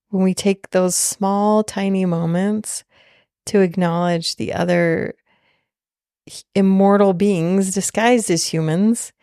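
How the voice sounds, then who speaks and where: A woman podcast host telling a personal story in a slow, heartfelt, soft-spoken way. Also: lowish voice, gravelly, clean tone, dry recording, clean studio sound.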